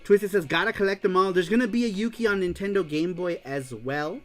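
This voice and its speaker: A man hosting a casual livestream show, excitedly reading viewer comments aloud and laughing often. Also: high voice, a little fast, faint music behind. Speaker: show host.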